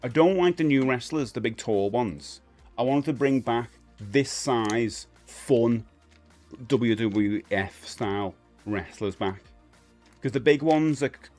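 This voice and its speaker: Chatty Cockney London man, lowish voice. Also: unhurried, a little mellow, soft background music. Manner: chatty and rambling, with frequent fillers and restarts. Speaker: live stream host. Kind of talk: casual chat, reading viewer comments.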